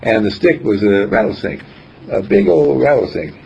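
In a dull lo-fi recording with faint background noise, a man with a fairly low, gravelly, warm voice gives an informal spiritual teaching. He's animated and moderately paced, telling rambling, folksy stories and chuckling between points.

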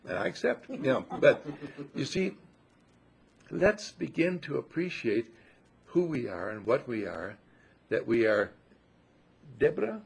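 Older male inspirational speaker, gravelly and warmly effusive, with big pitch swings on emphasis. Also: sing-song, measured pace, long pauses. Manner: effusive and affectionate, swoops up on emphasis. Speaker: spiritual speaker. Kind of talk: inspirational talk to a gathering.

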